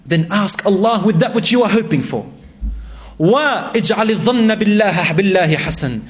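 A man's voice: high voice, expressive, moderate pace. A man preaching a sermon, telling a story with emotion and acting out the voices in it. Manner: emotive, acts out quoted voices with rising intensity.

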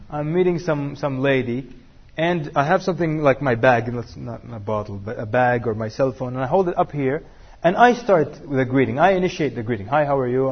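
A man's voice: mid-range voice, breathy edge, highs cut off. A man teaching a class, joking and asking the room questions. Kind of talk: interactive class talk with students.

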